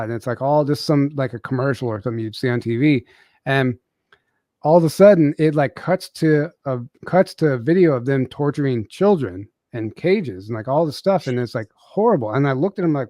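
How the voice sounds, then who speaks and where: A man's voice: medium pitch, lively intonation, moderate pace, warm tone, no room sound, studio quality. A man telling a personal story as a podcast guest, casually, with many fillers and restarts.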